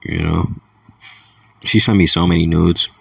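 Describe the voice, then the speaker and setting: A man's voice: deep voice, fairly even intonation, measured pace, vocal fry, fairly bright tone, slightly rough, no room sound, recorded from a distance. A young man talking in a crude, rambling casual monologue, chuckling between thoughts. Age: young adult. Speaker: vlogger.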